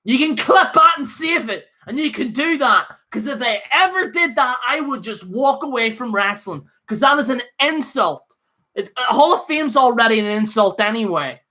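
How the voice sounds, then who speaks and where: A man's voice: extremely high pitch, lively intonation, moderate pace, sharp tone. A man hosting his own livestream, rambling in a fired-up, jokey rant. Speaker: livestream host.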